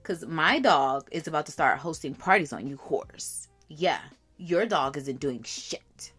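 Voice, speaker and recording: A woman's voice: deep voice, lively intonation, a little slow, fairly bright tone, slightly rough, faint music behind. A woman hosting a casual livestream, chatting directly to her viewers while she does her makeup. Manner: chatty, talks straight to viewers. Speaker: livestream host. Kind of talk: casual live chat while doing makeup.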